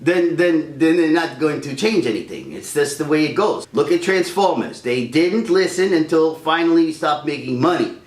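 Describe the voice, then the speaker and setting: A man's voice: on the high side, animated, moderate pace, hardly any pauses, echoey room. A man hosting a casual ranting chat, heated and rambling, stumbling over restarts. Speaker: YouTube channel host.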